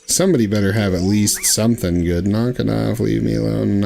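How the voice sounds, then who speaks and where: A man's voice: lowish voice, brisk, vocal fry, warm tone, soft background music. Swearing, wheeze-laughing man. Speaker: streamer. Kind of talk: live-stream gameplay chat.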